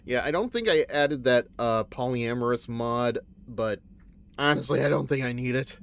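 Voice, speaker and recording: A man streaming a game who talks in a rambling, animated way and often corrects himself mid-sentence. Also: medium pitch, normal speed, vocal fry. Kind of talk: casual game commentary.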